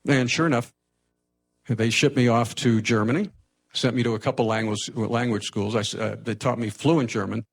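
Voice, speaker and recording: An older man from the United States telling a personal story to a live audience, lively and anecdotal with frequent restarts. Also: medium pitch, normal speed, vocal fry. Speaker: speaker telling his life story.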